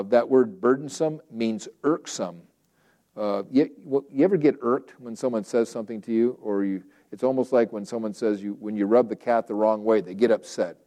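A man's voice: medium pitch, mellow. A man preaching a sermon in a conversational way, acting out quoted prayers and objections and often restarting phrases.

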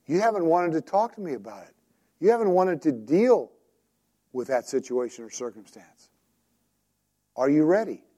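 A man voicing God as a patient divine presence, speaking very gently. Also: on the high side, big pitch swings, normal speed, long pauses. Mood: gentle. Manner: very soft and gentle.

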